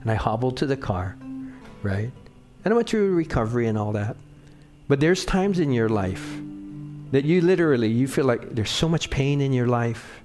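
A man's voice: mid-range voice, expressive, moderate pace, a little mellow, soft background music. Conversational male pastor preaching. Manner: conversational, often checks in with the congregation. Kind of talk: sermon with personal storytelling.

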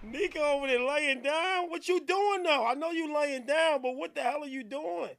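A man hosting a radio show, bantering loudly in slang and laughing with his guests. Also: extremely high pitch, normal speed, creaky. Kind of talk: casual radio show chat.

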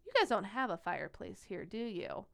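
A woman's voice: mid-range voice, animated, a little fast, creaky. A woman voicing a young boy in a hospital bed who doubts that Santa can reach him. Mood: doubtful.

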